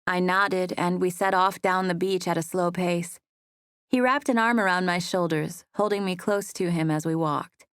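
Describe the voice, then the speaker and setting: A woman narrating a first-person romance audiobook in a soft, wistful manner. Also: lowish voice, fairly even intonation, normal speed, smooth, no room sound, clean studio sound.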